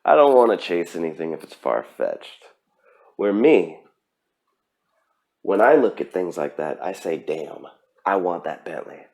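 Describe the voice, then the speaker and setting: A man's voice: deep voice, very animated, a little slow, creaky, pauses often, darkish tone. A man hosting his own podcast, talking earnestly and emphatically about his goals, with frequent fillers and restarts. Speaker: podcast host. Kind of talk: solo motivational podcast talk.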